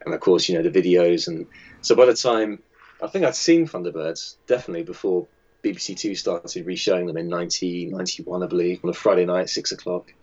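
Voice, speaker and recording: A man with a very deep voice talks through his work in a casual interview. He rambles along with lots of ums and false starts. The recording is dull and lo-fi. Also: brisk, a little mellow, slightly rough. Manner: chatty and hesitant, with many fillers and restarts. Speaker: magazine editor and designer.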